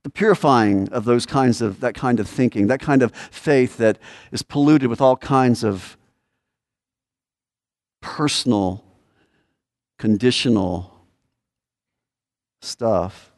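A male pastor preaching a conversational sermon to his congregation, asking the room rhetorical questions and acting out desperate pleas before dropping to quiet, low asides. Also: takes it slowly, pauses often. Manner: swings between raised pleading lines and low quiet asides.

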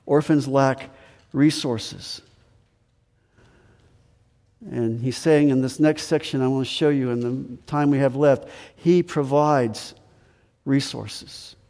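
Mellow-voiced man preaching in a hall. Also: medium pitch, steady tone, slow, long pauses. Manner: preaching, repeats key phrases, asks rhetorical questions. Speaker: pastor. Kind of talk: sermon.

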